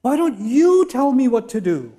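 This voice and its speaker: A man's voice: very high-pitched, big pitch swings, moderate pace, warm tone, voice pushed up. A man voicing a scheming ancient king who coaxes his generals with false humility. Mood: coaxing. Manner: coaxing, falsely humble.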